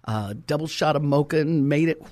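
A middle-aged woman preacher telling a story in a sermon, stressing key words slowly. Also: sits low, darkish tone.

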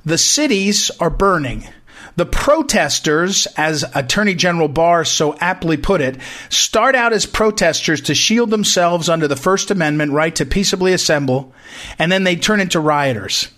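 Guy hosting a talk show, high voice, ranting emphatic political commentary, keeps repeating himself and restarting. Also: expressive, moderate pace, pushed and bright. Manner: emphatic, repetitive, frequent restarts.

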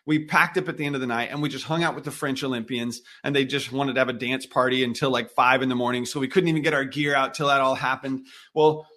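A man in his thirties, a guest on an interview, telling a story with lively acted-out dialogue. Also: mid-range voice, quick pace, few pauses. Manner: animated storyteller acting out quoted dialogue. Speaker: guest, missionary musician.

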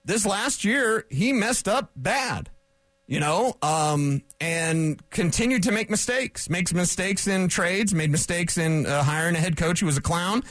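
Guy ranting about football on the radio, kinda high voice, sarcastic, dry close mic. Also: measured pace, no echo. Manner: animated, sarcastic, rambling asides. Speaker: sports radio analyst. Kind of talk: opinionated sports talk monologue.

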